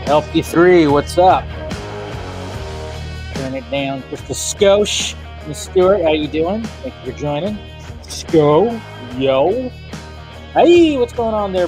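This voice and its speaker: Man, streamer host, casual and jokey, higher voice, faint music underneath. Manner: greets chatters by name, rambling and jokey. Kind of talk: casual live stream chat.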